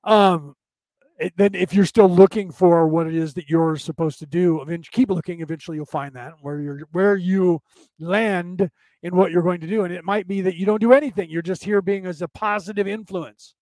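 A man's voice: high voice, fairly even intonation, moderate pace, a little mellow, no room sound. A man hosting a casual spiritual talk show, rambling, repeating himself and often asking "right?" as he reads comments from his listeners. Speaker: podcast host.

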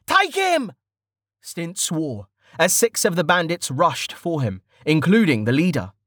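A man reading a fantasy novel aloud in steady, scripted narration. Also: a little high, a little slow, no room sound, clean studio sound. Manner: steady storytelling. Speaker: audiobook narrator.

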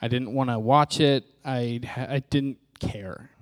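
A man's voice: mid-range voice, fairly even intonation, slow. A man preaching a testimony to his congregation in a candid, self-mocking way, acting out bits of dialogue as he tells the story. His voice sits in a middle range and sounds dry and close, with no room echo. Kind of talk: personal testimony sermon.

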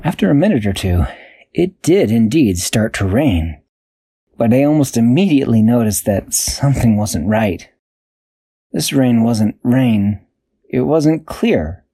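A man improvising a bedtime story in an animated, playful way. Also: mid-range voice, a little slow, husky, no echo, clean studio sound.

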